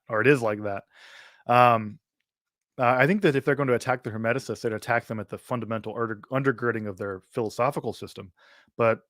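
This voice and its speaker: A man's voice: on the low side, a bit bright, no room sound, clean studio sound. A man from Mississippi hosts a livestream Q&A, speaking thoughtfully with many fillers and restarts. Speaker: host answering viewer questions.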